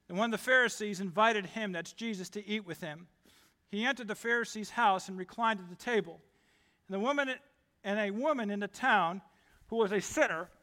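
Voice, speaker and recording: A man preaches to his congregation, pressing each point with emphatic declarations. His voice sits very high and rings bright and forceful. The sound carries a long reverb from the sanctuary. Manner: emphatic, rapid-fire declarations. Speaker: pastor. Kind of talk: sermon. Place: church sanctuary.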